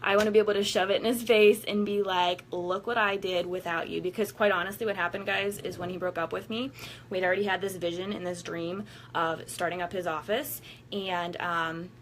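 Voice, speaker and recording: A woman's voice: lowish voice, fairly even intonation, fairly quick, slight background noise. Blunt, profane woman vlogger. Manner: blunt and profane, laughing often, acting out quotes. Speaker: vlogger giving workout motivation. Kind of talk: casual candid monologue to viewers.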